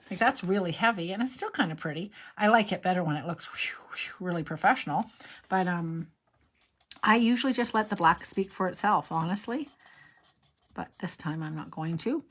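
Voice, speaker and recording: An older woman hosting a card-making tutorial, talking in a rambling, chatty way and drifting into personal stories as she works. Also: lowish voice. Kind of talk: chatty crafting demonstration.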